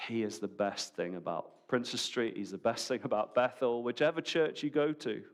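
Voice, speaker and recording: A man preaching a sermon at a church service, animated and conversational, full of rhetorical questions. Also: medium pitch, moderate pace.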